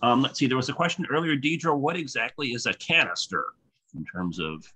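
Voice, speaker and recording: Bright-voiced man hosting a Zoom Q&A. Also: medium pitch, animated, a little fast, husky. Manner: casual, hesitant with fillers. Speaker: webinar host. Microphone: computer mic on a video call.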